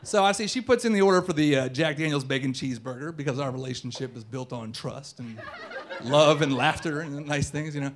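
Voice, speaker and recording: Dude telling a funny story on stage, kinda high voice, chatty, does all the voices. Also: male voice, brisk, background noise. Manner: animated, conversational, acts out dialogue. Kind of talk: live personal storytelling. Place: dance studio performance venue.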